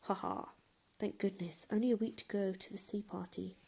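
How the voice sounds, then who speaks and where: A woman voicing a sly, fed-up cat in a low gloating whisper for a storybook. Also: fairly even intonation, moderate pace, gravelly, darkish tone, breathy edge.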